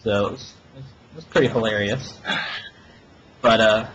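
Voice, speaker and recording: A man's voice: lowish voice, fairly even intonation, measured pace, background noise. A man co-hosting a podcast, telling a rambling story in a profane, sarcastic way. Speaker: podcast co-host. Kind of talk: casual ranting storytelling. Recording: dull lo-fi podcast audio.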